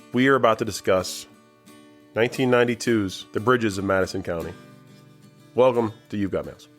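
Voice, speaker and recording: A man co-hosting a casual podcast from a home basement, animated and quick to laugh and swear. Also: lowish voice. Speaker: podcast co-host.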